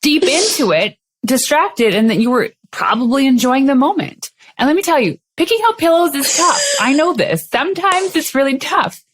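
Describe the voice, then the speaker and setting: A woman's voice: sits high, big pitch swings, moderate pace, hardly any pauses. A woman podcast host who reflects on her guest's story in a casual, chatty, playful way. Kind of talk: casual interview chat.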